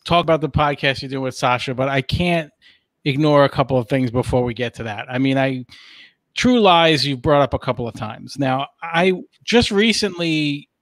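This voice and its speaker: A man's voice: medium pitch, normal speed, dry recording. A man hosting a podcast, asking questions in an easygoing way with lots of "like" and "you know". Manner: easygoing, many "like" and "you know" fillers, laughs. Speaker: podcast host. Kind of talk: casual chat.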